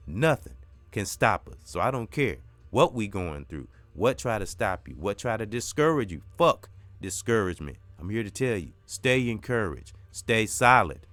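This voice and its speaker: A man's voice: fairly low pitch, animated, normal speed, a bit bright, no room sound. A middle-aged man hosting a podcast, giving an emphatic, preachy spiritual pep talk that repeats its points and swears now and then. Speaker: podcast host.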